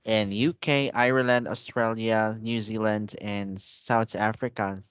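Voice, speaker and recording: A man's voice: fairly low pitch, steady tone, measured pace, clear, resonant tone, no room sound. A man teaching an online English lesson, patient and repetitive, checking in often with his student. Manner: patient, repeats and checks with "okay?". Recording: dull lo-fi online call audio.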